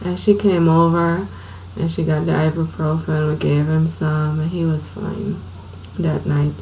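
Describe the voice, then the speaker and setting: Low-voiced woman telling her story. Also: flat delivery, measured pace, a little hiss or hum, low-quality recording. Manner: earnest, conversational, drifts softer at times. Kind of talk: personal storytelling to camera.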